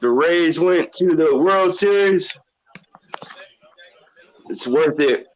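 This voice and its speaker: Pained man slowly groaning through heat. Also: fairly high pitch. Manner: groaning, pained, after a hot chip challenge. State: mouth burning, teary. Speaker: caller on video chat. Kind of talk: live call-in chat. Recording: dull lo-fi video call audio.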